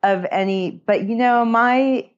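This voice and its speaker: A woman's voice: fairly high pitch, measured pace, highs cut off. A woman from California, an author and grammar teacher, chatting as a podcast guest in a meandering way, with many restarts and light laughs. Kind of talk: casual interview chat.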